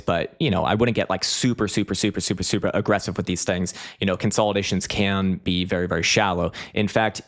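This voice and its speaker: Host, male, 30s, lowish voice, rambling and profane live-chat delivery with lots of "you know" and "um". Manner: loose and profane, heavy fillers and restarts, laughs often. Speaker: crypto trading streamer. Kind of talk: casual livestream chat reading viewer comments.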